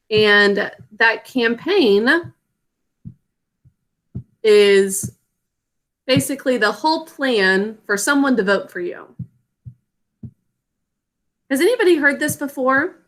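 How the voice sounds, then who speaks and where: Slow, patient woman teaching spelling online. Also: a little high, a bit bright. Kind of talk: online spelling lesson for children. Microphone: video call.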